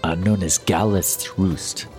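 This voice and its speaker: A fussy, stammering merchant, as a man puts him on, deep-voiced and eager to please. He hesitates and agrees with everything. Music plays clearly behind him. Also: steady tone, slow pace, a little mellow. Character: fussy male merchant hiring adventurers.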